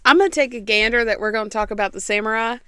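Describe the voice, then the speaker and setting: A woman's voice: a little high, rapid-fire, sharp tone, smooth, no echo. A woman co-hosting a history podcast in casual chat, giggly and self-mocking, rambling a bit. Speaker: podcast co-host.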